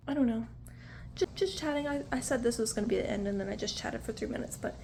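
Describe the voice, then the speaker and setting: Chatty young woman with a high voice. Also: fast talker, creaky, noisy background. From United States. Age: 20s. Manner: rambling and chatty, full of "like" and "you know". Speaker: vlogger. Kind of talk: casual vlog chat. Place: home apartment.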